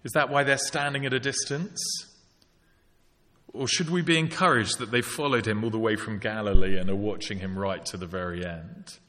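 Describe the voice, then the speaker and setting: Male preacher, low-pitched, sermon in a reverberant church hall. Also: moderate pace, pushed and bright. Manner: reflective, asks rhetorical questions.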